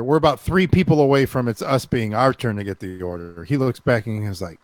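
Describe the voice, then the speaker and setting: A man's voice: mid-range voice, a little fast, hardly any pauses. A man co-hosting a podcast, telling a story with lots of swearing and acting out the people in it. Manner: swears a lot, acts out other people's voices in story. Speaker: podcast co-host. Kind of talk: animated storytelling, casual chat.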